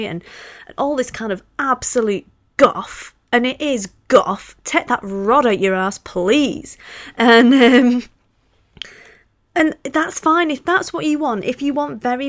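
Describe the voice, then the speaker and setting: A woman's voice: mid-range voice, no room sound. Impassioned chatty woman, dry sound. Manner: impassioned and chatty, laughs often. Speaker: podcast host reviewing knitting patterns. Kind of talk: casual solo podcast chat.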